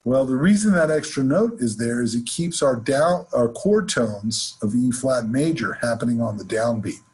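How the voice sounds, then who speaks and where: A man teaching jazz improvisation in a relaxed, conversational way, counting off beats between demonstrations. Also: mid-range voice, normal speed, breathy edge, poor audio. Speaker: jazz music instructor. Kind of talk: explaining and demonstrating on instrument. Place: home studio, online session.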